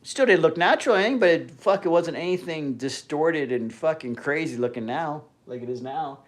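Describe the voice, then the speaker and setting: Casual livestream host, male, somewhat high voice, profane and rambly. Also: expressive, fairly quick. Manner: profane, rambling, trailing off mid-sentence.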